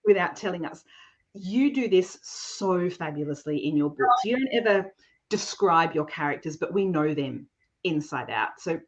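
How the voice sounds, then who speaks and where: A woman's voice: lowish voice, animated, normal speed. A woman podcast host asking questions with an enthusiastic, complimentary manner. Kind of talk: interview hosting. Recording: dull lo-fi sound.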